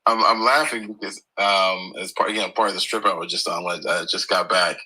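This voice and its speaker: A man's voice: sits low, steady tone, a little fast, pushed and bright, breathy edge, low-quality recording. A man with an American accent chatting casually on a live stream, telling stories and laughing easily. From United States.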